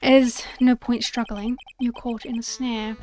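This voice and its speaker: A woman voicing a cool, smug older male prosecutor, speaking low and unhurried. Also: level tone, a little mellow, soft background music, lightly acted.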